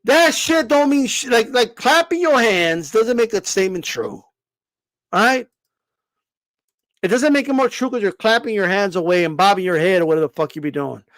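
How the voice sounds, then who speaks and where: Ranting high-voiced man, dry close mic. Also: expressive, normal speed, a bit bright, no echo. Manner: ranting, profane, repeats words, asks rhetorical questions. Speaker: boxing commentator on a live stream. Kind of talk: casual opinionated commentary.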